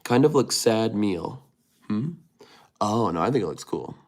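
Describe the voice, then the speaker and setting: A man's voice: on the low side, expressive, a little slow. A man hosting a casual livestream, reading viewer comments aloud and muttering to himself while he types. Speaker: livestream host.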